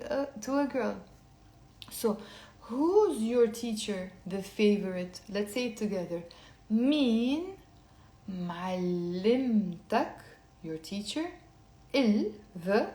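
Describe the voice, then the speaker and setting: A woman from Lebanon, teaching a live online language lesson and patiently repeating phrases slowly, then faster. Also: medium pitch, mellow, roomy sound.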